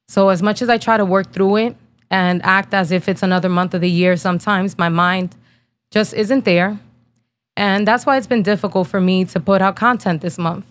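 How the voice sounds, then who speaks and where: A thirtysomething woman from New Jersey, hosting a podcast, tells a personal story bluntly and casually with slang and free swearing, holding back tears. Her mid-range voice keeps fairly even intonation at a moderate pace.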